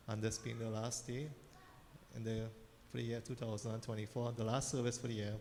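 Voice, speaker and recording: A man, a pandit giving a measured, formal address at a temple service. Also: mid-range voice, level tone, darkish tone. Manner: measured, orderly, counts points in threes. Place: temple hall. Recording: reverberant temple hall, faint noise.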